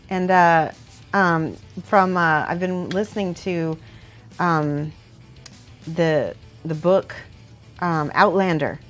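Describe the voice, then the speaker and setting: While painting miniatures for her audience, a woman with a fairly low voice chats casually, rambling and giggling often. Her pace is slow and unhurried, and she softens when concentrating. Faint music plays in the background.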